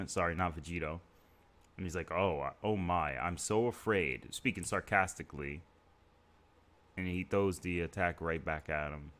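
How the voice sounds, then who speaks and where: A man's voice: low-pitched, fairly bright tone. A man hosting a live stream, talking through scenes one by one in a casual, conversational way with fillers. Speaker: stream host.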